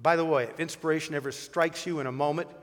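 A man's voice: a little high, fairly even intonation, fast talker, big-room sound. A man who is a pastor, preaching a sermon emphatically with rhetorical questions and a personal story.

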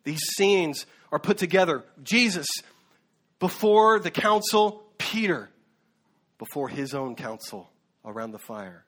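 A man's voice: fairly high pitch, animated, measured pace, fairly bright tone. A man preaching a sermon as a pastor, earnest, with occasional fillers and restarts. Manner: earnest, with fillers and self-corrections.

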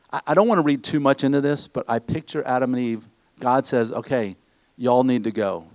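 Pastor preaching with a dry, close sound. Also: male voice, medium pitch, no echo. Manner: conversational preaching, asks the congregation questions. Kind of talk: sermon. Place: church.

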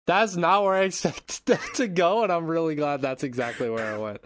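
A man's voice: a little high, a little fast, fairly bright tone, a little hiss or hum. A young man hosting a casual podcast who laughs often, rambles, and swears while recapping an episode. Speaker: podcast host.

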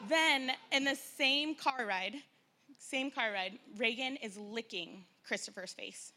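A woman in her thirties sharing a personal Mother's Day talk at a church event, chatty and animated with lots of fillers. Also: fairly high pitch, unhurried. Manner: chatty, frequent fillers, animated retelling with playful impressions.

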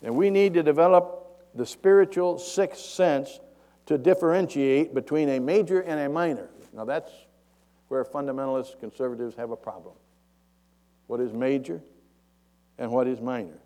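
A man's voice: medium pitch, moderate pace, warm tone. A male preacher giving a folksy, conversational sermon.

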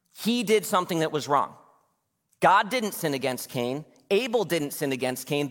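Guy pastor in his 30s chatting through a sermon, slightly high voice, long hall echo. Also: a bit bright. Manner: conversational, asks the congregation questions, acts out quotes. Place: church.

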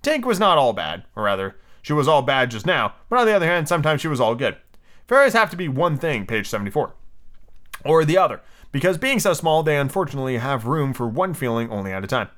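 A man's voice: medium pitch, big pitch swings, fast talker, fairly bright tone. A man hosting a podcast, reading a classic children's novel aloud in a casual way, with small slips, asides and page numbers called out. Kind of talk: casual storybook read-aloud.

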